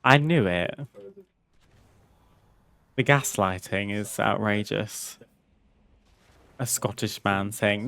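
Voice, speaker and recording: A man's voice: on the low side, slow pace, vocal fry, pauses often, fairly bright tone. A man streaming a video game, chatting casually with viewers, laughing often and reading game text aloud. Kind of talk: casual gameplay commentary.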